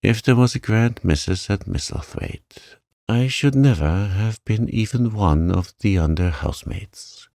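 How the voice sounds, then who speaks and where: A man's voice: fairly low pitch, creaky, dark tone, no echo, studio quality, heavily acted. A man voicing a cheerful, talkative young housemaid with a broad Yorkshire accent, plain-spoken and unbothered. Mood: chatty.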